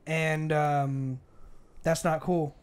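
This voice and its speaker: A young man in his twenties tells a bar story in a relaxed podcast chat. His voice sits a little high for a man. He acts out every quote and gets more heated as the story goes on. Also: very slow, clean tone. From Arizona. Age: 20s. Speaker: podcast co-host. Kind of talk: casual storytelling over beers.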